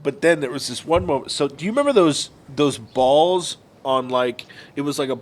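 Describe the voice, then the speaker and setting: A man and podcast co-host telling stories from his youth in a casual chat, turning loud and animated when he acts out other people. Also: fairly high pitch, moderate pace.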